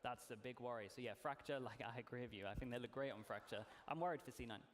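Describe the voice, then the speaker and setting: Fast-talking male esports analyst. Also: mid-range voice, a little hiss or hum. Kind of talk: live esports desk analysis.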